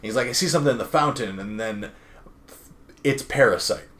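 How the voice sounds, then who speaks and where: A man's voice: mid-range voice, a little fast, a bit bright. Young male podcast host, loose filler-heavy comic recap, quotes characters in passing. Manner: rambling, filler-heavy, acts out characters' lines. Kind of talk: casual chat recapping a comic.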